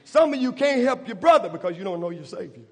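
A man preaching a sermon in a church, impassioned and rising to shouts. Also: extremely high pitch, big pitch swings, fast. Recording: long reverb of a church hall.

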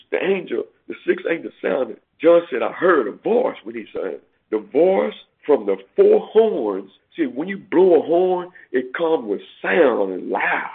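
A man preaching a sermon, emphatic, repeating phrases and rising sharply in pitch to stress his points. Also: vocal fry, breathy edge. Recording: tinny phone-like radio broadcast.

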